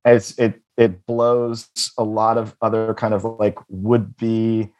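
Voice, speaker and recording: A man's voice: on the low side, flat delivery, slow, darkish tone, highs cut off. A man in his thirties from the United States chatting casually, rambling and joking with lots of restarts and swearing. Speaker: co-host. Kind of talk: casual chat.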